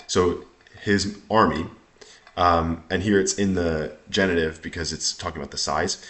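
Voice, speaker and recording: A man reading aloud from an old text and explaining it line by line, halting often with ums and self-corrections. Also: low voice, fairly even intonation. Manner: reads the old text more loudly than his explanations. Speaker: language teacher reading aloud. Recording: echoey room.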